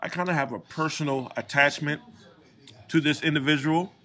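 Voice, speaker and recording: A man's voice: on the high side, fairly even intonation, moderate pace, sharp tone. A tipsy man co-hosting a casual bar-talk show, speaking hesitantly with lots of fillers and slight slurring. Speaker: podcast co-host.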